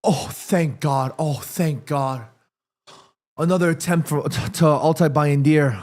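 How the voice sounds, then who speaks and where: A man hosting a live football watchalong, reacting excitedly to the play and reading viewer comments aloud. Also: a little high, unhurried. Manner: chatty, addresses viewers and reads their comments. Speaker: watchalong host.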